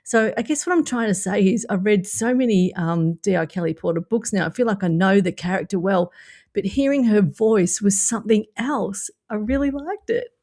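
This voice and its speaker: A woman's voice: mid-range voice, normal speed, a little mellow. A woman with an Australian accent hosting a podcast, chatting enthusiastically and laughing often. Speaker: podcast host. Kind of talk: casual chat.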